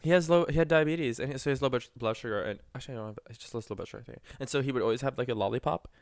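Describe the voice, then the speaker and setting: A young man co-hosting a casual podcast, reading posts aloud with animated storytelling and laughter. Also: mid-range voice, rapid-fire, no room sound, clean studio sound. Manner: animated, laughing storyteller, acts out quoted voices. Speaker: podcast co-host.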